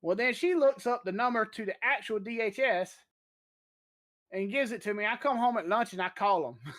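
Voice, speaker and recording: A podcast host spinning an anecdote with plenty of swearing and lively explanation. The delivery is loose, chatty and confident, the way someone talks when recounting something that happened to them. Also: mid-range voice, moderate pace. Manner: profane, animated anecdote-telling. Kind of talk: casual storytelling chat.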